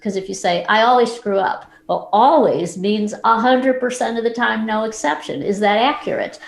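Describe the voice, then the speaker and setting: A woman psychologist answering interview questions in an explanatory way, growing lively when she challenges a point. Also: a little high, normal speed, gravelly, roomy sound. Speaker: psychologist guest.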